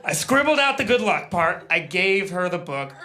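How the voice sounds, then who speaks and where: A man's voice: high voice, sing-song, moderate pace, crowd noise. A man doing a live stand-up set, telling a self-deprecating story with stammers and acted-out quotes. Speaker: stand-up comedian. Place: live comedy stage before an audience.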